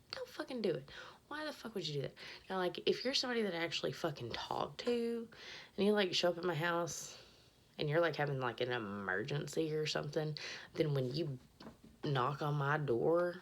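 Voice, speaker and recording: A woman's voice: low voice, big pitch swings, normal speed, vocal fry. A woman hosting a podcast, telling a story in a casual, rambling way with lots of swearing, often dropping to a whisper as she retells it. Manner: profane, rambling, drops to a whisper when retelling. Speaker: podcast host.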